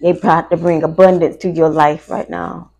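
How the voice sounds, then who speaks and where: A woman's voice: on the low side, little pitch movement, a little mellow, muffled recording. A woman giving a casual, emotional live tarot reading to her viewers. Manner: slow, gravelly, chatty, emotional. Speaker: tarot reader.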